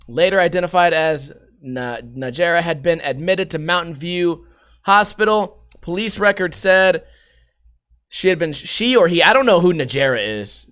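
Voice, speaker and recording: Young dude podcasting, high voice, cussing and rambling, acting out bits. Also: male voice, fairly bright tone, smooth. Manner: profane, rambling, acts out voices. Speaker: podcast host. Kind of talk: casual comedic commentary.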